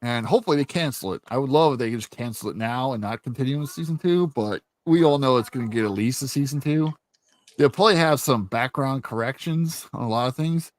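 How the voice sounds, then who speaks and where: A man's voice: mid-range voice, fast talker. A young man ranting in a casual monologue, blunt and heavy with swearing, as an indie author promoting his book. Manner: profane, blunt and animated. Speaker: indie author and channel host.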